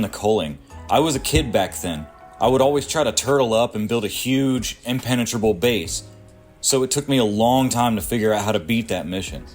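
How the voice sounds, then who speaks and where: A man in his thirties reading a scripted video essay about strategy games, sardonic and crude, with punchy asides. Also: medium pitch. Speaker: gaming video creator.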